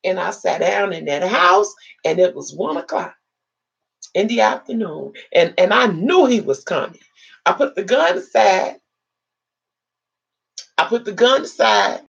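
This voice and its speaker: A woman hosts a live video from a video chat setup, her medium-pitched voice gravelly and husky, measured in pace and often pausing, in a muffled recording. She animatedly relates an emotional personal story to viewers, acting out people's words.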